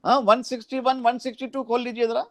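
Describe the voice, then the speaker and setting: A man's voice: very high voice, little pitch movement, very fast, fairly bright tone, no room sound. A man with an Indian English accent giving a law lecture, reading statute sections aloud and slipping into Hindi asides. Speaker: law professor.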